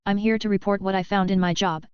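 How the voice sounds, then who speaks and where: A calm young mage, read by a woman. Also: medium pitch, quick pace, clear, resonant tone, no echo, close to an everyday voice. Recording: dull, lo-fi, dry sound.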